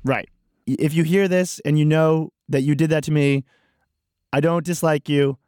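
A podcast co-host with a fairly high, slightly mellow voice tells stories about himself wryly, poking fun at himself. His intonation is fairly even and his pace moderate. The audio is clean studio sound with no echo, and the talk is casual podcast chat.

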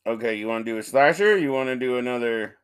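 A man's voice: medium pitch, fast talker, clean tone. A man co-hosting a podcast, arguing animatedly in casual, profanity-laced banter. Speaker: podcast co-host.

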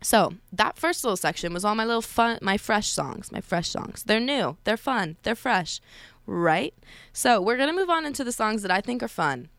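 A woman's voice: a little high, big pitch swings, normal speed, a bit bright, no room sound. Chatty young woman radio DJ. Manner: chatty, gossipy, laughs often. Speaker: college radio DJ. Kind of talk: casual radio chat.

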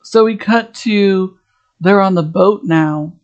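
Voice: mid-range voice, slow, dull audio. A podcast host in a casual episode recap, rambling and chatty, full of "like" fillers and restarts.

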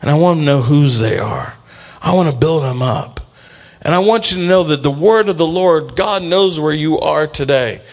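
A man preaching to a church congregation, his voice sitting fairly high for a man. He swings between soft, close passages and loud, emphatic calls for the people to answer back. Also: expressive, moderate pace. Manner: emphatic, call-and-response. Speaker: pastor. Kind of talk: sermon.

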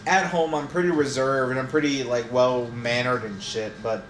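A man's voice: mid-range voice, fairly even intonation, moderate pace. A young man talking casually about work, ranting and swearing. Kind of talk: casual podcast chat. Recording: echoey room, faint noise.

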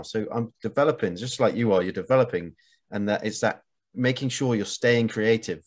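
A man's voice: on the low side, normal speed. A man hosting a podcast, talking in an enthusiastic, encouraging way. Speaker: podcast host. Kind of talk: casual conversation.

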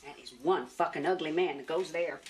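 An actress playing a foul-mouthed old farm woman who is furious and crazed, with loud, threatening speech in film dialogue. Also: low-pitched, steady tone, brisk, noisy background, natural voice. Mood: scolding.

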